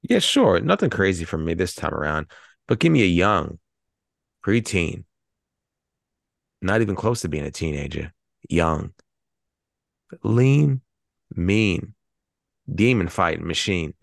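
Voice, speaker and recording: A man co-hosting a casual movie podcast, animated and teasing, with a lot of swearing. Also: deep voice, takes it slowly, gravelly, pauses often, no room sound, studio quality. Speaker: podcast co-host. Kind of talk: casual chat.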